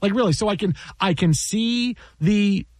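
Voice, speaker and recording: Animated higher-voiced man telling a story. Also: moderate pace, no echo. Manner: exasperated, repeats himself, acts out quotes. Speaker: sports broadcaster telling a story.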